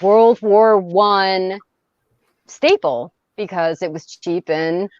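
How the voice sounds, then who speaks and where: A woman speaks in a relaxed, frank way and swears casually as she co-hosts a casual podcast chat. The sound is dry and a little dull, as if through a modest mic. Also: mid-range voice, very slow, dry recording. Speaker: podcast co-host.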